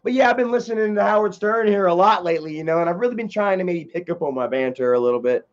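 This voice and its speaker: A man's voice: high-pitched, lively intonation, fast, lo-fi sound. A man hosting a livestream, chatting casually and reading out viewer comments in a rambling way with many filler sounds. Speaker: livestream host.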